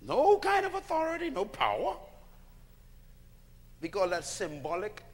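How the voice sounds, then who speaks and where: High, lively male preacher. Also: a little slow. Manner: animated, emphatic, with bursts of shouting. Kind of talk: call-and-response sermon.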